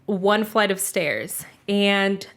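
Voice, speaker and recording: A young woman in casual chat, telling a story at length. She leans on "like" constantly and swears without a second thought. Her voice sits in a middle pitch. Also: extremely slow, a bit bright.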